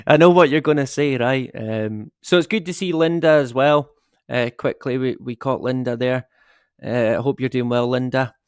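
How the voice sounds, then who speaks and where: A man's voice: medium pitch, moderate pace, clear, resonant tone, no echo, studio quality. A middle-aged man hosting a casual live stream, rambling and swearing with the odd chuckle. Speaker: livestream host.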